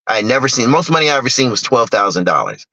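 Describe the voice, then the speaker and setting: A man speaking as a guest, telling a personal story in an animated way and acting out other people's lines. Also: mid-range voice, fast, no room sound, rough recording. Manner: animated storyteller who acts out other people's lines in sharply raised voices. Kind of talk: personal storytelling on a talk stage.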